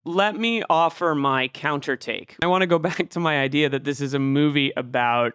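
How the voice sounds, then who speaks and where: A man's voice: fairly high pitch, normal speed, a bit bright, smooth, no room sound, clean studio sound. A man co-hosting a film podcast, animatedly building an argument in casual talk. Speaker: podcast co-host.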